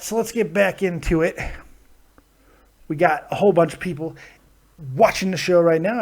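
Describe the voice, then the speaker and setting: High-voiced joking male host. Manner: loud, joking, swearing, quick laughs. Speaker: show host taking calls. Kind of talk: casual live call-in show.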